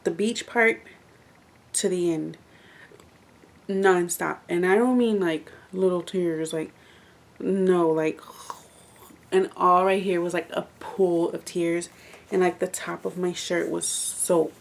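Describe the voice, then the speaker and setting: Gravelly low-voiced woman chatting casually. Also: fairly even intonation, slow, long pauses. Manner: chatty, rambling, heavy use of "like". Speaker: book reviewer. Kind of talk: casual vlog review.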